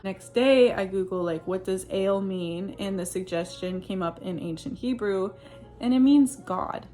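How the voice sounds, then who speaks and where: A woman's voice: mid-range voice, normal speed, warm tone, soft background music. Earnest woman telling a personal story. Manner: earnest, rambling, many fillers and restarts; uses religious Christian phrasing. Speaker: vlogger recounting personal experiences. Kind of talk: casual storytelling monologue.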